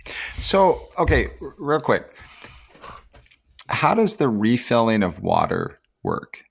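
A man hosting a podcast, asking questions in a relaxed, chatty way. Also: medium pitch, slow, creaky, husky. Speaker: podcast host. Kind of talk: casual interview.

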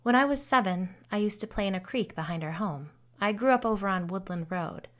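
A woman's voice: medium pitch, lively intonation, fairly quick, a bit bright, natural voice. A woman voicing a friendly, self-deprecating grown woman who is frightened of something from her childhood, in a storybook reading. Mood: uneasy. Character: nervous grown woman haunted since childhood.

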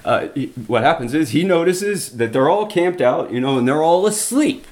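A man's voice: a little high, animated, normal speed, a little mellow. A man teaching a Bible study, retelling scripture stories in plain everyday words with restarts and asides.

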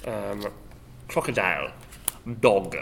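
A man's voice: lowish voice, expressive, takes it slowly, vocal fry, a little hiss or hum. A man, playing a party improv game with friends, laughing a lot and joking crudely. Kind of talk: casual banter among friends.

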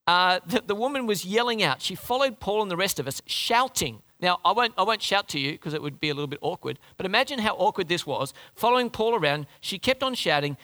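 A man preaching a sermon in an animated, conversational way, often restarting his phrases. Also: high-pitched, fast talker, hardly any pauses.

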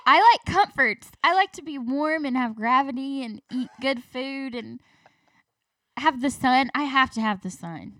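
Young woman on a podcast, high bright voice, laughy, dry sound a bit away from the mic. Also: animated, a little slow, dry recording, recorded from a distance. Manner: giggly, chatty, trails off while thinking. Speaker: podcast guest. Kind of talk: casual chat.

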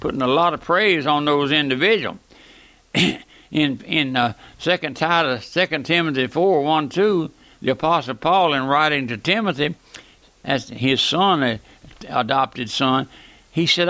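Gravelly older preacher thundering a radio sermon. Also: male voice, animated, measured pace, pushed and bright, dry recording. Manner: old-time preaching, repeats "my friend", thunders then drops low.

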